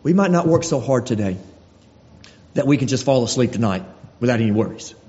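A man's voice: medium pitch, animated, a little fast, mellow. A man preaching a sermon, earnest, repeating phrases and restarting his sentences as he goes. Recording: dull lo-fi recording in a reverberant hall.

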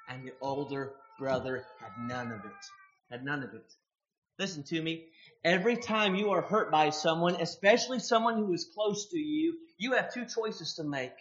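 Emphatic high-voiced male preacher. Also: expressive, moderate pace, reverberant, muffled recording. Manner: swings from hushed to loud, emphatic. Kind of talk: sermon.

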